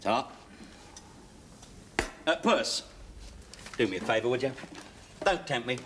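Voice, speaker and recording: A man's voice: medium pitch, animated, takes it slowly. An actor playing a wisecracking middle-aged ex-convict father with sardonic, teasing banter in a 1970s TV sitcom. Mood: wry, bantering. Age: 40s. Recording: noisy 1970s TV soundtrack.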